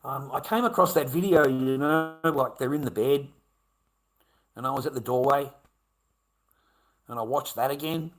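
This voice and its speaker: A man's voice: medium pitch, normal speed, pauses often, rough recording. An Australian man talking to camera in a rambling, repetitive monologue, swearing heavily. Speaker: vlogger.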